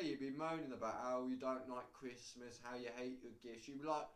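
A man's voice: mid-range voice, fairly even intonation, fairly quick, few pauses. A man rambling sarcastically to camera, swearing freely in a casual monologue. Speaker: vlogger. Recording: roomy echo.

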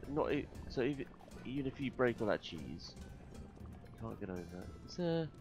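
A man commentating his gameplay, muttering to himself between loud, swearing outbursts, a little tired. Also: medium pitch, very animated, moderate pace. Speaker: gaming video host. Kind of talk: let's play commentary. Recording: faint game music behind.

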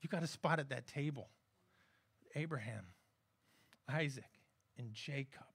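A man's voice: medium pitch, measured pace, gravelly, a bit bright, slightly rough. A man preaching a sermon as pastor, in a conversational, joking manner that keeps checking in with the congregation. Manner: conversational, humorous preaching with frequent audience check-ins.

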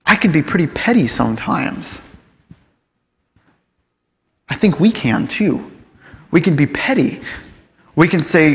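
A man preaching a sermon, telling a story with lively delivery and acting out the characters in it. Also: fairly high pitch, unhurried, long pauses. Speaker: pastor. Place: church sanctuary. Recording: long church hall reverb.

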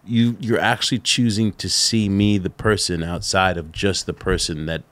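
Deep-voiced man telling stories. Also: normal speed, no room sound. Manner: animated, laughing, lots of "like" fillers. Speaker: podcast guest. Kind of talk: casual interview storytelling.

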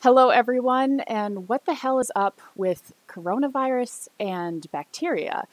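Excitable woman hosting, dry sound. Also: fairly high pitch, measured pace, dry recording. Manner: bubbly and excitable. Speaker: host. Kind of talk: casual science interview.

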